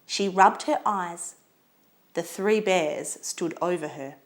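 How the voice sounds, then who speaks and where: A woman reading a children's storybook aloud in an expressive, lilting way. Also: fairly low pitch, slow.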